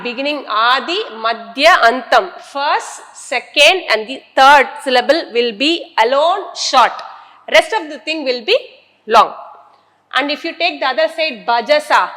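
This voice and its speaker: A woman's voice: sits high, a bit bright, in a large hall. A woman teacher, lecturing a class and explaining step by step while she repeats key terms.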